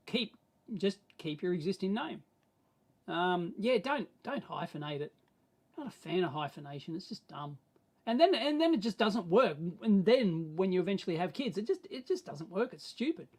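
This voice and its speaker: A man's voice: high voice, moderate pace. Rambling Australian man on a livestream. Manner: rambling and animated, swinging from mumbled asides to excited bursts. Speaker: livestream host answering viewer questions. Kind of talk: casual live-stream chat.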